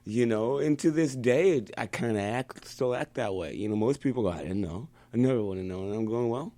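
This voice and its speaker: A man's voice: lowish voice, a little fast, no echo. Guy on a podcast telling stories, laughs a lot, cusses, dry close mic. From United States. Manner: animated storyteller, laughs often, swears freely. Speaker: guest musician. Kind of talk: casual podcast chat.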